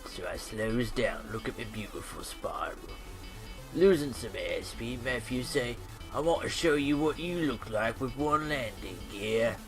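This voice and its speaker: A man's voice: medium pitch, expressive, unhurried, lightly acted. A man voicing a cheeky veteran WWII fighter pilot, narrating flight game footage in slangy old-timey banter. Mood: boastful. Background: faint electronic music.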